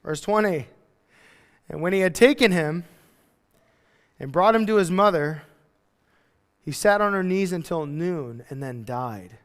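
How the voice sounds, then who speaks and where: A man's voice: a little high, smooth, long reverb tail. A man preaching a verse-by-verse sermon as a pastor, chatty and conversational, acting out the people he quotes. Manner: conversational, acts out quotes in voices. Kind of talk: expository sermon. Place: church hall.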